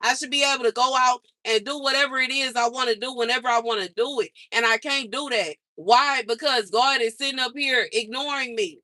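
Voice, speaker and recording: A woman's voice: high-pitched, fairly quick, few pauses, pushed and bright, no echo. A woman vlogger venting in an exasperated monologue, repeating herself for emphasis. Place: outside her mother's house.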